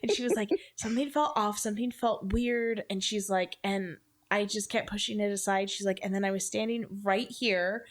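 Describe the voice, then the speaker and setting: Woman in her thirties, co-host, chatty storyteller, animated delivery. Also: mid-range voice. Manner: animated, lots of "like" fillers. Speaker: podcast co-host. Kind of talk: casual storytelling chat.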